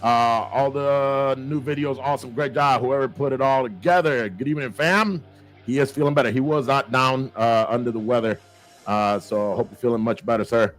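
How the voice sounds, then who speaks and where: Male livestream host, upbeat, runs viewer shout-outs, bilingual asides, faint music bed. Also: mid-range voice, moderate pace. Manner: lively, shout-outs to viewers, mixes in Spanish phrases. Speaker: show host. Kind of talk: casual livestream chat.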